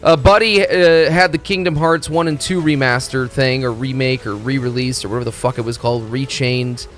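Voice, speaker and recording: A man streaming a video game, talking in a rambling, excitable, profane way as he plays. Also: mid-range voice, brisk. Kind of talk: casual gaming commentary. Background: faint game music.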